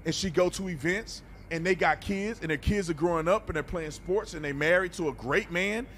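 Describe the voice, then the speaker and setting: A man's voice: high voice, brisk, a bit bright, slight background noise. A man hosting a reaction video, talking bluntly and animatedly in a preachy, casual way and often repeating words.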